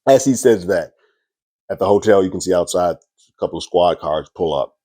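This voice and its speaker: Man, very deep voice, casual TV episode recap, conversational, acts out lines, dry close recording. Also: animated, normal speed, warm tone, dry recording. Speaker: TV series reviewer.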